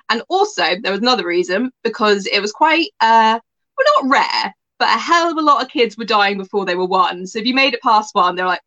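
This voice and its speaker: A woman's voice: a little high, sing-song, a little fast, bright, forceful tone. A woman co-hosting a comedy history podcast, chatting casually with a playful, giggly manner. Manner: giggly, playful, jokey asides. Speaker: co-host. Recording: muffled lo-fi audio.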